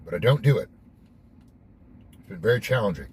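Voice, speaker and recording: A man's voice: on the low side, lively intonation, a little fast, darkish tone, a little hiss or hum. A young man hosting a casual devotional monologue, candid and reflective, who swears offhandedly. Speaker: host.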